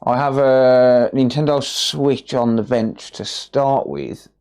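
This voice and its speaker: Hosting a repair livestream, a man with a West Midlands English accent talks in a clear, resonant, mid-range voice at a slow pace. He's relaxed and chatty as he works, greeting his viewers by name.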